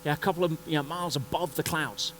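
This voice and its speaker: High-voiced man telling a story on stage. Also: fast, a little hiss or hum, poor audio. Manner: animated, acts out scenes and voices. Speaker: conference speaker. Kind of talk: motivational storytelling talk. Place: conference stage before an audience.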